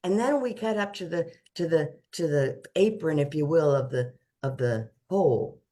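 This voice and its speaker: A woman's voice: low-pitched, expressive, normal speed, warm tone. A woman financial advisor explaining things in casual conversation, using folksy analogies and often restarting her sentences.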